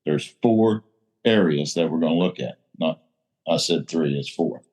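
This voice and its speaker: Blunt deep-voiced man. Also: unhurried, a little mellow. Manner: blunt, salty, preacher-like emphasis. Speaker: recovery meeting speaker. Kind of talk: casual recovery group talk.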